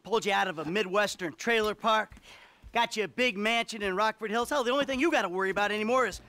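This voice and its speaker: A jaded, cursing ex-criminal. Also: male voice, high-pitched, sharp tone. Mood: sarcastic. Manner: sarcastic, cursing, quick-tempered. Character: jaded, foul-mouthed middle-aged male ex-criminal. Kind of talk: video game cutscene acting.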